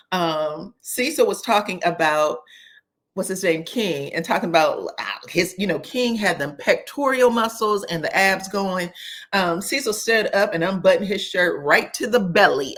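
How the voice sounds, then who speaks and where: A woman with a somewhat low-pitched voice talks through a casual recap as host. She is chatty and animated in her delivery, checking in with her listeners in quick asides. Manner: chatty and expressive, frequent "okay?" asides. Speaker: host recapping a reality show. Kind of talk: casual commentary.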